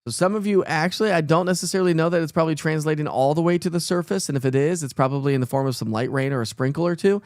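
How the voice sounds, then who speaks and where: A man's voice: on the high side, racing, hardly any pauses, no echo, studio quality. A middle-aged man, hosting a casual live weather stream and greeting viewers by name. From East Tennessee.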